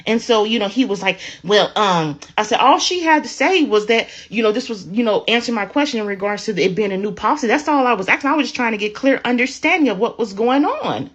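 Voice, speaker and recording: A woman's voice: a little high, fast talker, hardly any pauses. A woman casually telling a personal story, acting out the lines she and others said. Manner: animated retelling, acts out quotes. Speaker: hotel resident telling her story. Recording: dull lo-fi audio.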